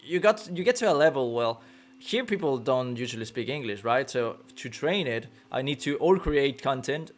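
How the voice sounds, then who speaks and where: Excitable young French-accented man hosting. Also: medium pitch, normal speed. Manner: excitable, laughs often, searches for words. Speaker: podcast host. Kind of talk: casual live-stream chat.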